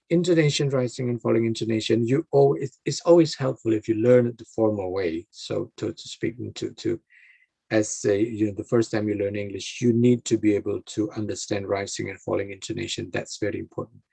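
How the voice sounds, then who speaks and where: A man talking casually in an interview, explaining in a halting way and often restarting his phrases while he looks for words. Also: on the low side, creaky, warm tone, slightly rough, no room sound. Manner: explanatory, advice-giving.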